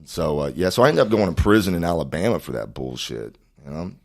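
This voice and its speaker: Podcast guest: a man with an extremely low voice, loose, profane and rambling. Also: big pitch swings, fast talker, darkish tone. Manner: profane, rambling, frequent fillers. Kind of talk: casual storytelling.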